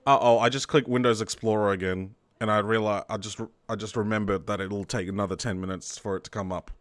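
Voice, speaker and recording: A man's voice: on the low side, steady tone, fairly quick, no echo. A man with an Australian accent chatting casually while he streams a video game, joking at his own expense. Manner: chatty, self-mocking, trying out voices. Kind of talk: casual live-stream commentary.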